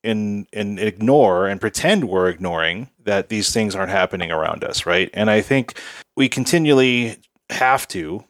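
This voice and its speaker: A man's voice: lowish voice, moderate pace, dry recording. A man co-hosting a casual podcast, easygoing and reflective, often hedging as he talks. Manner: easygoing, reflective, many hedges and restarts. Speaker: podcast co-host.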